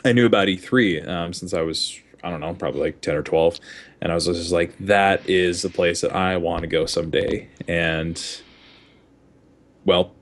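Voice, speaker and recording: A man's voice: low voice, moderate pace. A man guest telling a story in casual chat, with many fillers.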